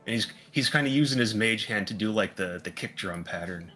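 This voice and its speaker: A man's voice: lowish voice, brisk, pushed and bright, faint music behind. A man playing a tabletop game, chatting casually and thinking aloud. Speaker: player. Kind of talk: casual chat.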